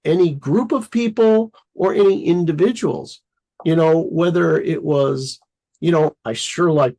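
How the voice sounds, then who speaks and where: Gravelly, husky man telling a story. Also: a little high, unhurried, rough recording. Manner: rambling, heavy on fillers, excitedly acts out his own thoughts. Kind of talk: casual conversation.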